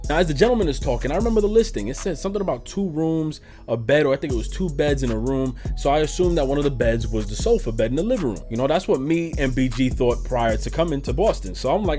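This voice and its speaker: A man telling a story on his vlog in an animated, profane, slangy way. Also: mid-range voice, fast talker, hardly any pauses, soft background music. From New York. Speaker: YouTuber.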